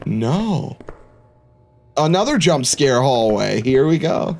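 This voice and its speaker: Animated man commentating a horror game. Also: medium pitch, takes it slowly, vocal fry, slight background noise. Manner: jokey, reacts aloud and laughs. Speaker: gaming YouTuber.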